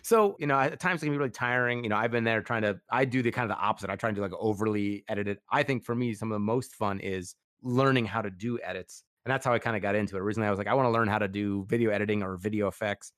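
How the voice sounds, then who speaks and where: A man's voice: on the low side, racing, hardly any pauses, a bit bright, no room sound, clean studio sound. A man hosting a casual interview, enthusiastic and full of fillers like "like" and "you know". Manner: enthusiastic, heavy use of "like" and fillers. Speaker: podcast host.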